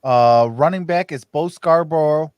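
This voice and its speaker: Brief: man, sports podcast host, higher voice, dry close mic, restless casual chat with restarts. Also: unhurried, darkish tone, smooth, no echo. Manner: stammers and restarts, laughs often.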